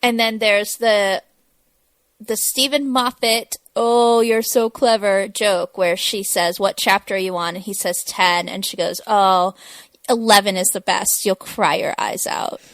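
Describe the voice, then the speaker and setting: A woman co-hosting a podcast from home, chatting casually with quick asides and laughs. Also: mid-range voice, steady tone, a bit bright, dry recording. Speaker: podcast co-host. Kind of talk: casual chat recapping a TV episode. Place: home, a cat snoring nearby. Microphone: home podcast mic.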